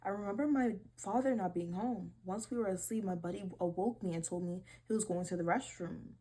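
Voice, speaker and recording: A young woman hosting a casual vlog, reading posts aloud and reacting with animated disbelief and swearing. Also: medium pitch, fairly quick, husky. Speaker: video creator.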